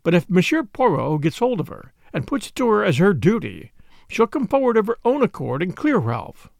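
A man voicing a brisk, gossipy middle-aged spinster sister who speaks in a complacent, self-important, knowing way. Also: high-pitched, big pitch swings, gravelly, darkish tone, dry recording, clean studio sound, exaggerated voice. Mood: self-satisfied. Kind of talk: audiobook character voice.

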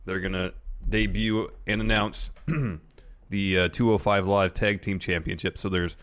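A man's voice: low voice, little pitch movement, unhurried, a bit bright. A man co-hosting a casual podcast, recapping in a dry, matter-of-fact way, recorded in a room at home. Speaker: podcast co-host. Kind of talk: casual chat.

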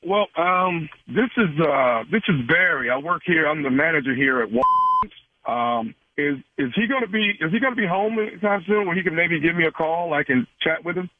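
A man's voice: a little high, lively intonation, moderate pace, slight background noise, voice pushed up, lightly acted. A man playing a polite store manager making a phone call, hesitant and apologetic, on a phone line. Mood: calm.

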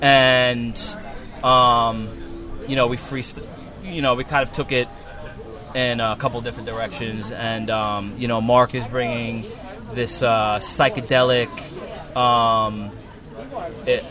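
A man with a Long Island accent speaks at a middle pitch in a loose, rambling interview, stacking ums and restarts as he explains his painting. The recording is made outdoors at the wall he is painting. Music plays clearly in the background. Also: takes it slowly. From Long Island, New York. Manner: relaxed, rambling, many fillers and restarts. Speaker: muralist guest. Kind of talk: casual interview.

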